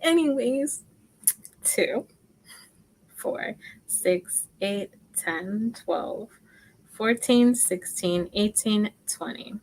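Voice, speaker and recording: With a mid-range, darkish voice and lively intonation, a woman chats through a casual crochet livestream on poor audio. She moves slowly, makes fun of herself, and often lowers to a murmur while counting stitches.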